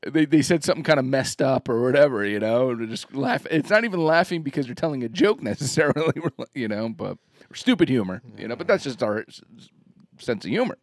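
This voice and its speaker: A man's voice: medium pitch, lively intonation, quick pace, no room sound, clean studio sound. A man co-hosting a podcast in casual chat, rambling with restarts and laughing along. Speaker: podcast co-host.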